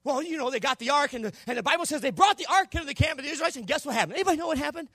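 A male pastor with a strikingly high, bright and forceful voice, delivering a sermon with wildly lively pitch. He swings from shouted peaks to hushed low tones, and the recording is close and dry. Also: rapid-fire, no echo.

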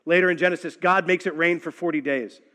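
A man's voice: fairly high pitch, fairly even intonation, fast, sharp tone. A man teaching on a Bible passage in a conversational, reflective way, often asking rhetorical questions.

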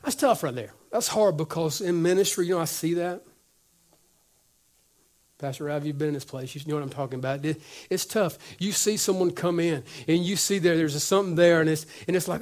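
A man's voice: a little high, a little fast. A male pastor preaching a sermon, acting out little conversations and dropping to a near whisper at times. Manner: animated, acts out dialogue, drops to whispers.

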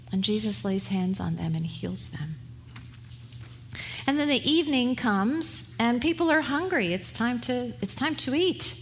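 A woman's voice: mid-range voice, long reverb tail, slight background noise. A woman pastor preaching a sermon in a conversational, humorous way, acting out the voices she quotes.

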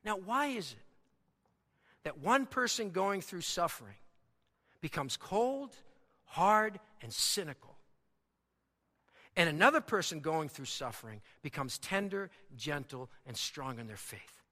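A male pastor delivering a sermon in a church, building to loud, emphatic peaks and dropping low and soft for prayer. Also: sing-song, a little slow, pauses often. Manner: dynamic preaching, swells loud and high for emphasis. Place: church sanctuary. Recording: long hall reverb.

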